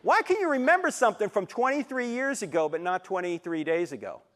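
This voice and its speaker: A man in his sixties giving a live lecture in a university auditorium, an animated storyteller who acts out quotes and jokes. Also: high voice, fairly quick. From New Jersey, USA. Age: 60s. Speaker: Christian apologetics speaker.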